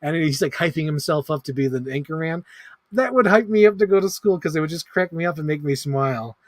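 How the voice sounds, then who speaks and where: A man's voice: a little high, expressive, brisk, dry recording. Rambling, foul-mouthed man ranking movies. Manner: rambling, swears freely, lots of fillers like "like". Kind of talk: casual livestream commentary.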